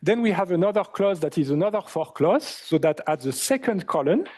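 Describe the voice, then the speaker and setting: A man lecturing in a university hall, speaking English with a French accent. His voice is slightly high and mellow. He keeps asking the students questions and fills pauses with "uh" and "um". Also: expressive. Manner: asks the class questions, many fillers.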